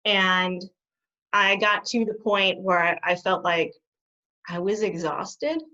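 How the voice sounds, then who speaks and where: A middle-aged woman, a guest behaviour specialist, telling her stories in an animated way and laughing often. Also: mid-range voice, slow pace. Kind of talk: conversational interview. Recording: dull lo-fi sound.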